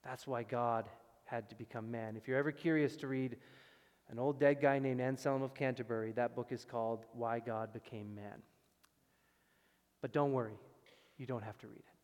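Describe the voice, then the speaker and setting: A man preaching a sermon as pastor, with emphatic loud stresses that drop to quiet, low passages. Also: steady tone, normal speed. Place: church sanctuary. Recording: long reverb of a church hall.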